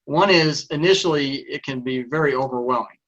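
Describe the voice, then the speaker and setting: A man with a Texas accent speaks as an interview guest in a bright, forceful voice. He answers thoughtfully and at a measured pace. His sound comes through dull and muffled, like remote call audio. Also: medium pitch. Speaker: guest, life coach. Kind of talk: interview conversation.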